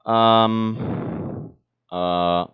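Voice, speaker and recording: A man, a language learner talking casually in English, halting and hesitant as he searches for words. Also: fairly low pitch, steady tone, smooth. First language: Spanish. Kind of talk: casual monologue practicing English. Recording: dull lo-fi recording.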